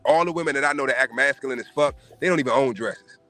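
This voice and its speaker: Bright-voiced man ranting profanely. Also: mid-range voice, fast, soft background music. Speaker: podcast host. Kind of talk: casual opinion chat.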